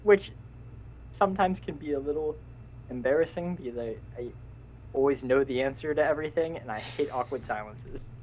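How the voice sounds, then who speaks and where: A man's voice: medium pitch, normal speed, a little mellow, a little hiss or hum, rough recording. Rambling young man, casual podcast chat. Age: young adult. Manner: rambling, self-interrupting, laughs often. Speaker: podcast co-host.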